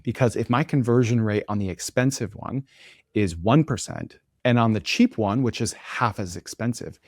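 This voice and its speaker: A man's voice: fairly low pitch, normal speed, darkish tone, dry recording, studio quality. A young man hosting a podcast, talking casually and energetically while he shares his screen and thinks aloud. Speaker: podcast host and entrepreneur.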